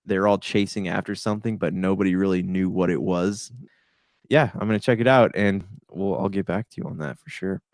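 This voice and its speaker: A man with a somewhat low voice co-hosting a movie podcast, easygoing and a little hesitant. The sound is dry and close-miked. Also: brisk, a little mellow, no room sound. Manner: laid-back, hesitant, lots of fillers. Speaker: podcast co-host. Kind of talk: casual movie review chat.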